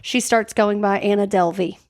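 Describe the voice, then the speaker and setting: A woman's voice: medium pitch, steady tone, normal speed, darkish tone. A woman co-hosting a podcast in casual chat, telling a story with lots of "like" fillers and acting out the quoted lines. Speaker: podcast co-host. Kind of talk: casual true-crime chat.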